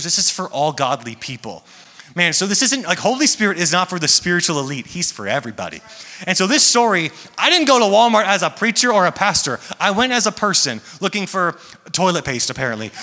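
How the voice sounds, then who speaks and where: A man's voice: high voice, pushed and bright. A young man preaching to a church congregation, talking casually and joking. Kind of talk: sermon. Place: large church hall. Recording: echoey hall with long reverb.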